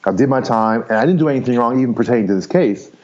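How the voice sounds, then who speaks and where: Rapid-fire and expressive, a podcast guest in his fifties candidly rambles about his life, swearing casually and breaking into easy laughter. His mid-range voice has a darkish tone, and the audio is lo-fi.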